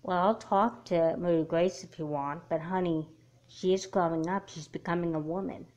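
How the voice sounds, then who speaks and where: A woman voicing a patient mother who gently comforts her daughter, in a homemade doll movie. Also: fairly low pitch, moderate pace, lightly acted. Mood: soothing. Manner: gentle, calming, calls her child honey. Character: patient, soothing mother of two girls.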